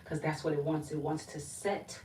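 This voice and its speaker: A woman's voice: deep voice, flat delivery, moderate pace. A woman giving a casual tarot reading, uneasy and feeling weak, often breaking off and restarting. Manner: emotional, uneasy, talks to spirit and viewers, restarts often. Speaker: tarot reader. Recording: roomy echo from a distance with background noise.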